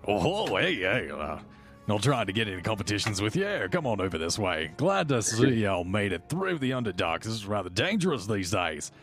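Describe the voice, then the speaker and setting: A man puts on a deep gnome miner, male and sociable, rambling in a broad Australian accent. He talks in a low, hearty voice with a homely, folksy warmth of words. He greets strangers like long-lost friends at a tabletop game. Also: big pitch swings, normal speed, faint music behind. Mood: welcoming.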